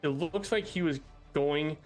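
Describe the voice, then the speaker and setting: Male GM, slightly high voice, unhurried loose narration. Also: faint music behind. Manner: relaxed, filler-heavy storytelling. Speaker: game master. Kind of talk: narrating a tabletop game.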